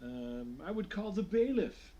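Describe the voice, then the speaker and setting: A man voicing a hesitant male official who speaks formally from a podium, halting with ums and uhs. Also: sits high, big pitch swings, warm tone, lo-fi sound, voice pushed up. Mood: formal, accusing.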